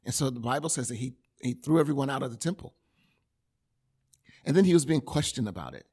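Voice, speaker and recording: A man preaching a sermon in a conversational, animated way, with everyday examples. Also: medium pitch, a little fast, slightly rough.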